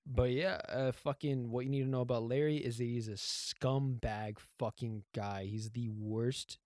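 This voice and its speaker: A man's voice: medium pitch, steady tone, a little slow, darkish tone, no echo, clean studio sound. Young man ranting casually, swearing. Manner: rambling, profane, acts out quoted lines. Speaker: podcast co-host. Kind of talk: casual chat, recapping a TV show.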